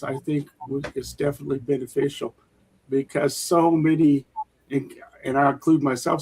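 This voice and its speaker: Older husky man, hesitant. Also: on the high side, darkish tone, rough recording. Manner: hesitant, with many fillers. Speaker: panel guest. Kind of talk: answering a panel question.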